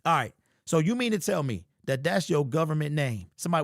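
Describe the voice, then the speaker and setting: Sports host, man, high voice with bouncy swings; jokey, over-the-top, slangy delivery. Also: brisk, no room sound, studio quality. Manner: animated, joking and hyperbolic, slangy. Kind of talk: casual sports commentary.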